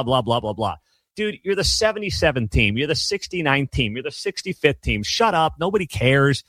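A man's voice: fairly high pitch, fairly bright tone, no room sound. A man in his thirties hosting a sports talk show, giving emphatic, sarcastic opinion commentary. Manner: emphatic, ranting, sarcastic asides.

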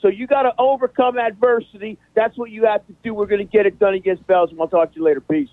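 A man's voice: high voice, fairly even intonation, fast, no echo, lightly acted. A man putting on a fired-up male sports caller who stammers, repeats himself and keeps asking "okay?". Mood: hyped. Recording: tinny phone-line sound.

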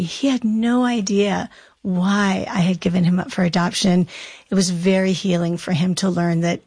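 A woman speaks in an earnest, reflective way as an interview guest giving personal testimony. Her voice sits at an ordinary pitch and sounds dry and close, with little room around it. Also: darkish tone, dry recording.

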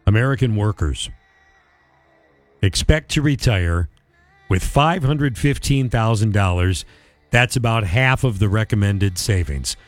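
A man's voice: medium pitch, dry recording. A man co-hosting a radio show, reading ads and trivia in a casual chat with dry quips. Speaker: radio co-host.

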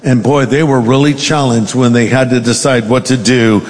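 A man's voice: mid-range voice, steady tone, moderate pace, in a large hall. A male pastor preaching a sermon, reading scripture aloud with dramatic emphasis.

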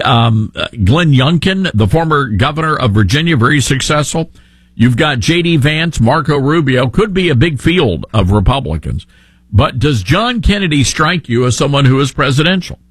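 Husky, animated male talk radio host. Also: on the high side, no echo. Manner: animated, sarcastic, joking.

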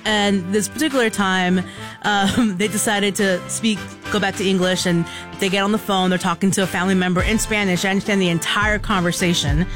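A woman's voice: mid-range voice, fairly quick, music in the background. A woman co-hosting a radio show, telling stories casually on air and acting out the voices of people she quotes. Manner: animated, acts out quoted voices. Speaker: radio co-host. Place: radio studio. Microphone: studio microphone.

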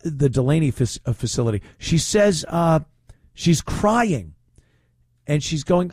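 Slow-talking mocking radio host. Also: male voice, a little high, lively intonation, a little mellow, breathy edge, no echo, clean studio sound. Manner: mocking, puts on whiny voices to ridicule. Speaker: radio talk show host. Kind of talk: opinionated talk radio.

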